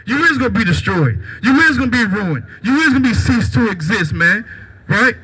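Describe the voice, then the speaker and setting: Street preacher guy, really high husky voice, says "right?" after everything. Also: animated, fairly quick, pushed and bright, rough recording. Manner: asks "right?" after nearly every line, rhetorical questions. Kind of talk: street sermon.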